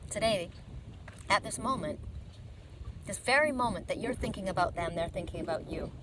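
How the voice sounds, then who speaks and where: Woman card reader, gentle and chatty, recorded on a phone outdoors by a lake with clear background noise. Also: mid-range voice, animated, normal speed. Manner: gentle, chatty, drifting off into asides. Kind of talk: outdoor card reading vlog. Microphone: phone camera.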